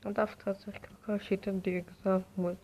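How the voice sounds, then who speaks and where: A woman's voice: medium pitch, flat delivery, brisk, a little mellow, a little hiss or hum. A woman telling a fan fiction story casually, rambling and profane, with frequent restarts.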